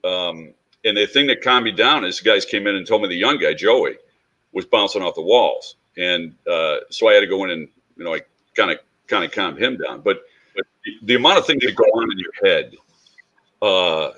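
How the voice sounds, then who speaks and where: A man's voice: low voice, normal speed, dull audio. A middle-aged man, a police instructor on a panel, recounting a personal story and acting out the quoted dialogue. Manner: animated storyteller who acts out quoted dialogue.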